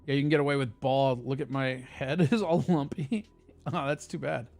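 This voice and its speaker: Gravelly, profane live-stream host. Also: male voice, medium pitch, moderate pace, a little mellow, faint music behind. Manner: loose, profane, reads chat aloud. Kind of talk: casual live stream chat.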